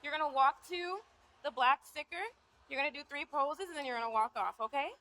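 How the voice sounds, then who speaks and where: A woman's voice: sits high, a little fast, bright, forceful tone. A young woman teaching posing on a stage before a live audience, upbeat and encouraging as she cheers on volunteers through a handheld mic. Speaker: posing coach.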